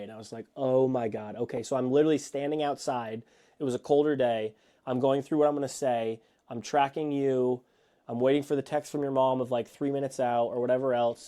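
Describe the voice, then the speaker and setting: A man co-hosting a podcast, telling an excited, rambling story in casual chat from a home studio. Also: medium pitch. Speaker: podcast co-host.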